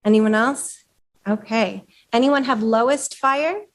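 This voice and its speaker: A woman's voice: a little high, slow. A woman giving a live presentation at a chapter meeting, talking conversationally with fillers and putting questions to the audience.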